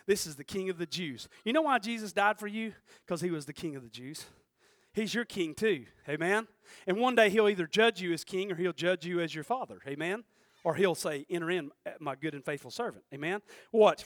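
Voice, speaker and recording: A man preaching a sermon, who swings between shouting and quiet, intense passages and calls out to the congregation. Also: sits high, no echo, clean studio sound. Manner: preaches with call-and-response asides to the congregation. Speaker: pastor.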